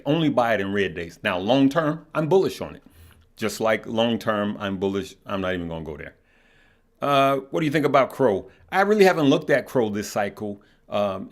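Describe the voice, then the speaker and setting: A middle-aged man hosting a live stock market show, talking loosely with viewers, often repeating words and checking in with "right?" and "okay?". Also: on the low side. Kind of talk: casual live-stream chat reading viewer comments.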